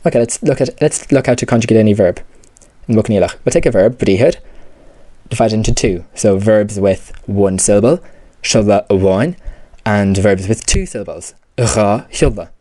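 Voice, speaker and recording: A man gives a step-by-step grammar lesson, patient and repetitive, dropping "you know" and "okay" as he goes. His voice is low-pitched and mellow. The recording is dry and close, with no room sound. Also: moderate pace, no room sound. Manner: patient, repeats key terms, many fillers like "you know" and "okay". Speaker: language teacher. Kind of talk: explanatory lesson.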